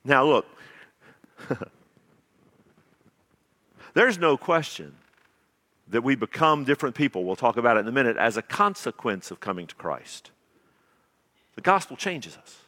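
A man preaching a sermon as pastor, swinging between loud emphasis and quiet asides. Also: mid-range voice, very animated, measured pace, long pauses, big-room sound.

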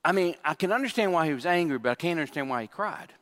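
A man's voice: fairly high pitch, animated, fast, fairly bright tone, long reverb tail. A man preaching a sermon as pastor, emphatic, with repetitions and asides to the congregation.

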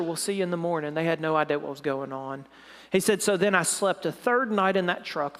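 A man retells a dramatic story as a preacher would in a sermon, lowering his voice softly whenever the emotion peaks. The sound echoes with long hall reverb.

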